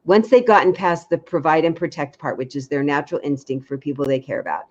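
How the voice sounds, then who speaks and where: A woman dating coach giving frank, lively advice in a casual chat, acting out little quotes. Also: low-pitched, fast, highs cut off.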